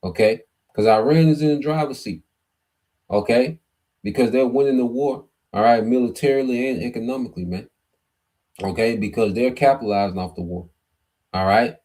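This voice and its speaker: A man's voice: medium pitch, moderate pace, long pauses, warm tone. A man hosting a livestream of Bible prophecy commentary, reading scripture aloud and tagging nearly every phrase with "okay," "man," or "all right.". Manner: reads scripture aloud, then explains word by word.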